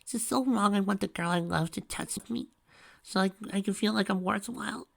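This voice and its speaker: A woman's voice: mid-range voice, a little fast, gravelly, pitched above the performer's own voice. A reader voicing Pinky, a clingy, lovesick young woman who is hurt one moment and brash the next. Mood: tearful. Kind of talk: audiobook reading.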